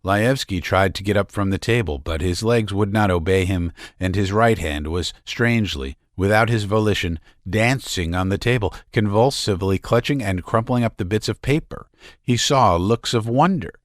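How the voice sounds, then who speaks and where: A man narrating a classic novella in a measured, expressive reading. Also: on the low side, no room sound, studio quality. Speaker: audiobook narrator. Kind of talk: scripted literary narration.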